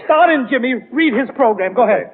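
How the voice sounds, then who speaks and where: Man, comedy host, very high voice, wisecracking, excitable, tinny 1930s radio sound. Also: quick pace.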